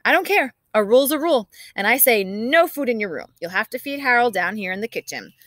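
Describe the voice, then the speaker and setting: A woman's voice: a little high, animated, brisk, a bit bright, dry recording, voice pushed up. A woman voicing a firm but loving mother who lays down house rules, reading a children's book aloud. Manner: firm, scolding.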